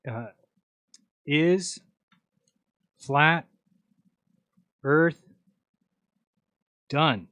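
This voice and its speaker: A man's voice: mid-range voice, normal speed, long pauses, darkish tone, dry recording, studio quality. A man hosting a livestream, talking casually in an exasperated, mocking, argumentative way. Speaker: livestream host. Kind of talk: casual ranting livestream talk.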